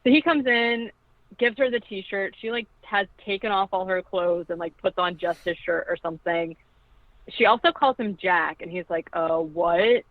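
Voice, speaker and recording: A woman's voice: medium pitch, moderate pace, no room sound. Chatty woman on a tinny phone line. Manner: chatty, peppered with "like", acts out quoted lines. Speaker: podcast co-host. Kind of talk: casual film recap.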